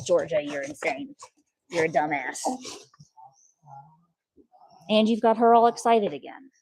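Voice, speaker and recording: A woman in her home art studio, chatting casually and cooing at her excited dogs in a sing-song voice. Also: fairly low pitch, fairly quick. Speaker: painter recording in her studio.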